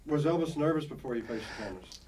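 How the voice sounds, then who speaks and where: Fast-talking male interviewer. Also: a little high, lively intonation, a little mellow, a little hiss or hum, rough recording. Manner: brisk, prompting questions. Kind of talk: interview questions.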